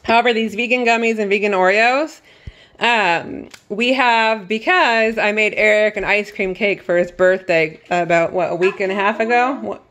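A thirtysomething vlogger tours her kitchen pantry, talking casually to viewers and frequently laughing as she moves through the room. She speaks at normal speed in a mid-range, somewhat bright voice.

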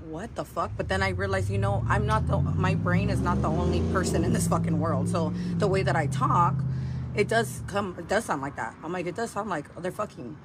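A woman's voice: lowish voice, a little fast, over loud music, low-quality recording. A woman livestreaming, meandering through her story with lots of fillers and swearing. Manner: meandering, heavy fillers and profanity. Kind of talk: rambling livestream talk. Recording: livestream clip with vehicle noise.

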